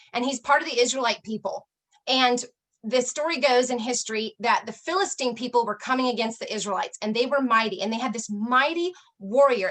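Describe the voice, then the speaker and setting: High-voiced woman telling a story earnestly. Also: a bit bright. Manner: earnest storytelling, emphatic repetition. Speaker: health coach. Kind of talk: motivational talk.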